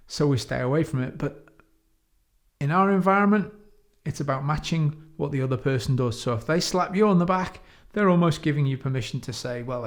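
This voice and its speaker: A man from the United Kingdom explains coaching ideas in a calm, instructive way. He keeps his pitch in an ordinary middle range and slows his delivery to lean on the key words. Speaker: coach trainer. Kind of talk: explanatory teaching talk.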